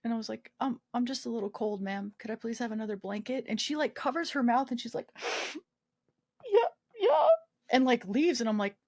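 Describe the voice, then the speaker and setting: Animated woman telling a story, dry sound. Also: on the high side, fast, hardly any pauses, no room sound. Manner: animated storyteller acting out quoted dialogue, frequent swearing and laughs. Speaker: guest, army veteran. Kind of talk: casual storytelling interview.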